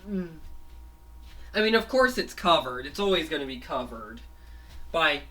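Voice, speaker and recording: Bright-voiced man rambling through a made-up story. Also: on the high side, sing-song. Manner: halting, full of fillers and restarts; keeps revising with "let's say". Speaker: storyteller making up a show plot. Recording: voice a bit far from the mic.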